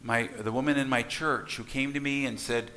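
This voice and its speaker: A man's voice: mid-range voice, steady tone, moderate pace, bright, forceful tone. A middle-aged man, a minister, delivering a folksy, storytelling sermon to his congregation in a church, with asides to the listeners. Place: church sanctuary.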